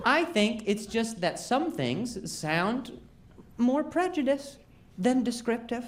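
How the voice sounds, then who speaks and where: A man's voice: very high voice, expressive, takes it slowly. Guy with a stutter doing stand-up, wry and self-mocking, roomy echoey live room with noise in the back. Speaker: stand-up comedian. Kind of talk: stand-up comedy set. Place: comedy stage before a live audience.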